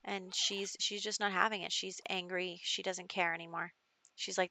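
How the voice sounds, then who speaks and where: A woman's voice: mid-range voice, fairly even intonation, normal speed, sharp tone, no room sound. A young woman casually narrating her gameplay as the show's host, telling the story in a chatty way with fillers. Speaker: gaming video host.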